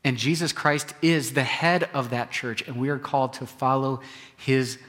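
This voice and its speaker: A male pastor preaching a sermon, swinging between loud emphasis and soft, hushed phrases. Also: mid-range voice, steady tone, normal speed, long reverb tail.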